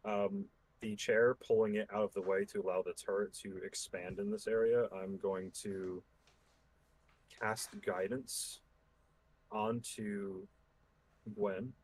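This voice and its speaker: A man speaking as a player in a tabletop game, hesitant and halting with ums. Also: fairly low pitch, level tone, a little mellow, slight background noise, low-quality recording. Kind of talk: casual role-play talk.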